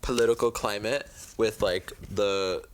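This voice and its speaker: A man's voice: lowish voice, steady tone, measured pace, smooth. A young man hosting a casual podcast chat, easygoing and reflective, laughing often. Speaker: podcast host.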